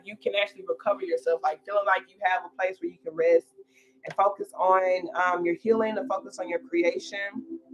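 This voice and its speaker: A woman's voice: mid-range voice, fairly bright tone, low-quality recording. A young woman talking casually on a tarot livestream, chatty and slangy with lots of fillers.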